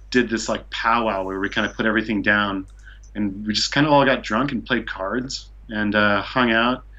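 A man's voice: lowish voice, bright, forceful tone, muffled recording. A man from Seattle telling a long travel story as a podcast guest, rambling with lots of "like" and "you know". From Seattle, USA. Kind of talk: casual storytelling.

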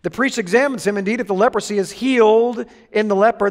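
A man's voice: sits high, fast, few pauses. A man preaching a sermon to a congregation, joking with them and drawing amens and laughter. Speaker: pastor. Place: church hall with congregation. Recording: echoey hall reverb.

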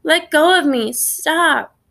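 A woman's voice: moderate pace, fairly bright tone, natural voice. A woman voicing a scared, whiny little boy in a storybook reading. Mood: panicked. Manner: whining, shrill, crying out.

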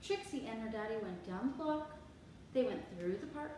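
A woman teacher reading a picture book aloud to children, animated and expressive with asides, heard from far off in an echoey room. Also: fairly high pitch, moderate pace, a little hiss or hum.

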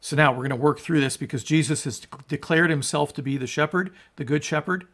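A man's voice: fairly high pitch, quick pace, a bit bright. A man preaching a sermon as a pastor, emphatic and conversational, asking his listeners rhetorical questions. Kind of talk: sermon on scripture.

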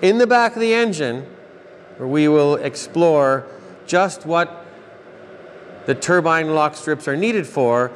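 A man's voice: fairly high pitch, lively intonation, slow, pauses often, slight background noise. A middle-aged Canadian man with a Canadian accent gives a rambling, self-correcting, folksy hands-on technical explanation as a channel host.

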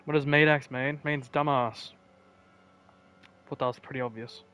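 A man's voice: mid-range voice, steady tone, moderate pace, fairly bright tone, soft background music. A man with an Australian accent chatting casually on a live game stream, trading joking, defensive banter with his viewers. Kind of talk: casual live-stream chat while gaming.

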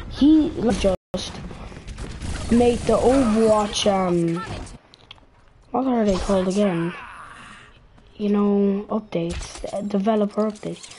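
A woman's voice: mid-range voice, warm tone, slight background noise. A woman streaming a game live, giving foul-mouthed trash-talking commentary as she plays.

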